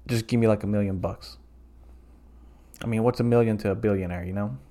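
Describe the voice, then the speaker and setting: A man's voice: lowish voice, fairly even intonation, brisk, mellow. A young man from the southern United States hosting a comedic solo podcast, rambling through profane, jokey bits. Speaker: podcast host.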